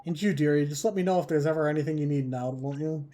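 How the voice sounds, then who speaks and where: A doting older woman fusses and coos in a lifted, mellow voice, performed by a man. Light noise sits behind the home recording. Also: a little high, fast, natural voice. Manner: cooing, fussing, sweetly doting. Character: fussy older woman doting on her cat.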